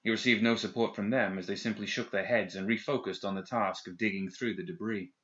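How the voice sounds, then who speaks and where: Man, audiobook narrator, low voice, measured delivery, dull lo-fi recording. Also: steady tone, a bit bright. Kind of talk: scripted fantasy narration.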